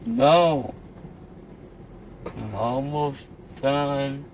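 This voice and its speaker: A young man, groggy after wisdom teeth removal, talking in a slow, slurred, goofy way. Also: mid-range voice, background noise. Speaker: patient. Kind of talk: casual chat.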